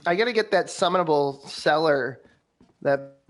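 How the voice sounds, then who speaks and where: Male co-host, blunt and profane, chatty gamer, voice sits a bit high. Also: normal speed. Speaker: podcast co-host. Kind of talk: casual chat while gaming.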